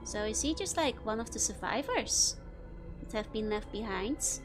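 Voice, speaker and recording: A young woman with a high, light voice, chatting with viewers while she plays a game. She laughs easily and talks loosely, full of "like" and "you know". Faint music plays behind her. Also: lively intonation, normal speed. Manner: giggly, answers chat questions, frequent laughter. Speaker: VTuber streamer. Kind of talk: casual gameplay chat with chat.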